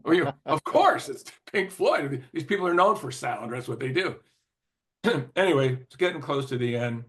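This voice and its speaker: A man's voice: mid-range voice, sing-song, moderate pace, a bit bright. Older man telling a rambling story. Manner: rambling, lots of "you know" and restarts, clears his throat often. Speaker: interview guest, former record executive. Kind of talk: casual anecdotal storytelling.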